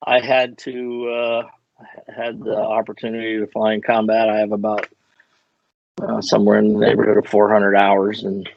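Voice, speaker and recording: A man's voice: on the low side, completely flat delivery, normal speed, creaky, slight background noise. An older man, a retired fighter pilot, telling stories in a casual interview and wandering off on tangents with self-deprecating humor. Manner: rambling, self-deprecating, digressive. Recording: muffled lo-fi audio.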